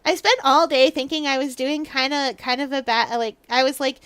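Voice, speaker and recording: A woman's voice: high-pitched, a little fast, few pauses, a bit bright, no echo. A young woman gaming streamer chatting casually while she plays, giggly and making jokes. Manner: giggly, jokey. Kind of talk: casual live-stream chat.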